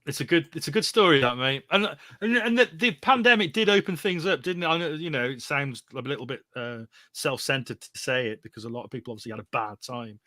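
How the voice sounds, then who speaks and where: Man co-hosting, very bright sharp voice, dry close sound, thoughtful and hedging. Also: medium pitch, quick pace, few pauses, no echo. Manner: thoughtful, hedging with "you know". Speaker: podcast co-host. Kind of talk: casual chat.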